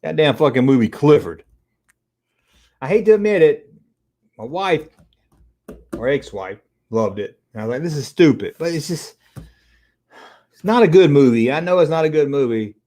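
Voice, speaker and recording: A middle-aged man hosts a casual live stream and rambles from one tangent to the next as viewers chat. His voice sits a bit high and swoops up and down a lot. His talk is loose and profane. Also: very animated, moderate pace, pauses often, mellow. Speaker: livestream host.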